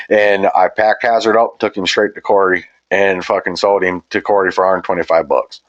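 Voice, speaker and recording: A man's voice: low-pitched, flat delivery, brisk, hardly any pauses. A man hosting a podcast, telling a hunting-dog story in casual, profane, rambling chat. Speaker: podcast host. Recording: dull lo-fi audio.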